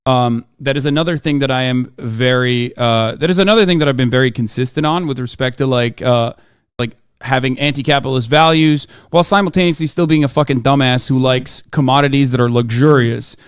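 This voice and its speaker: A man speaking haltingly in a played clip, stumbling through fillers before a blunt, self-mocking remark. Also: mid-range voice, smooth, dry recording, studio quality. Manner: halting, many uh and um, then blunt. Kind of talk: stream clip, self-reflective talk.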